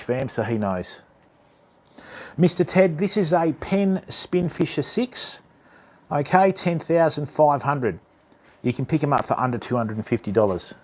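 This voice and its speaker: A man with a darkish, mid-range voice hosts a casual livestream for a fishing channel. Friendly and talkative, he addresses the chat as mate and fam.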